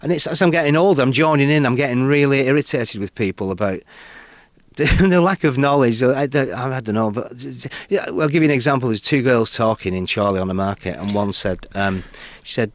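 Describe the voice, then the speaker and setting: A man's voice: medium pitch, brisk, no echo. A middle-aged man with a Northern English accent, a comedian telling anecdotes in a radio interview. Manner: animated, acts out quoted voices. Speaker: comedian guest. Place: radio studio.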